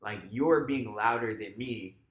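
A man, a teacher co-hosting a podcast, talking in a relaxed way full of "like" and "you know," sometimes acting out what he says in class. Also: on the low side, measured pace, echoey room. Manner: relaxed, filler-heavy, acts out classroom voices. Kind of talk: casual conversational chat.

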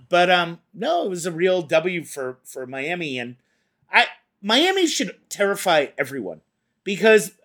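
A man's voice: a little high, bright, forceful tone. A man co-hosting a casual sports podcast, rambling with many hesitations. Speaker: podcast co-host.

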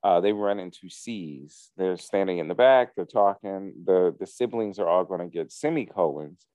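A man casually recapping a reality show to a co-host, telling the story with lively quoted asides. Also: low voice, moderate pace, no room sound. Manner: animated storytelling with profanity, acts out quotes.

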